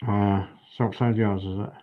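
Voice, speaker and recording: A man's voice: fairly low pitch, fairly even intonation, moderate pace, phone-quality sound. A man chats casually and mutters encouragement to himself while painting a scale model at home. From United Kingdom. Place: home hobby room.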